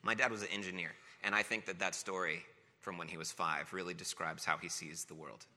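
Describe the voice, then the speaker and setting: Bright-voiced male pastor in echoing hall. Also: deep voice, fairly even intonation, brisk, slight background noise. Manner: storytelling with playful self-mockery. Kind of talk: sermon. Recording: long reverb of a large hall.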